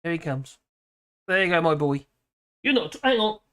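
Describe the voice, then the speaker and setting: A woman's voice: fairly low pitch, sing-song, moderate pace, fairly bright tone. A middle-aged woman from Britain hosting a casual livestream from home, rambling, laughing often and reading out viewer comments. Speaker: livestream host. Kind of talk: casual political livestream chat. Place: home room with dogs.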